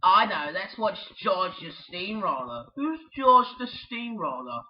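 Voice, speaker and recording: A man performing toy characters in a playful fan video, shouting and giggling between voices. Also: high voice, lively intonation, unhurried, dull audio, slight background noise. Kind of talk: playful toy-play acting.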